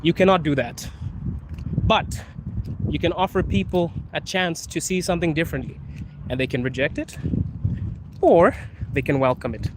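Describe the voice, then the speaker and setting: A man's voice: on the high side, moderate pace, pauses often. Laid-back man live-streaming on the street. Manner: laid-back, laughs often, calls viewers bro. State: coughing from allergies. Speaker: live streamer answering viewer questions. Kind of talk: casual live-stream chat. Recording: faint street and traffic noise.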